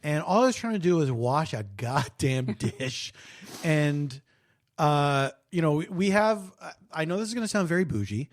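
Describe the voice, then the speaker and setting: A middle-aged man co-hosts a podcast, telling a story with wry humor. His pitch swings widely as he talks, and the sound is close and dry. He laughs often. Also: animated, moderate pace, no echo. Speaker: podcast co-host. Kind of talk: casual chat.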